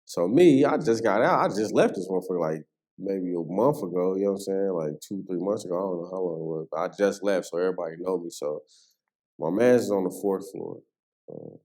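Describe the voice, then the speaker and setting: A man telling a personal story in casual street slang, full of "you know what I'm saying" and animated as he relives what happened. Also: deep voice. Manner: animated, voice rises sharply when reliving the moment. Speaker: podcast guest.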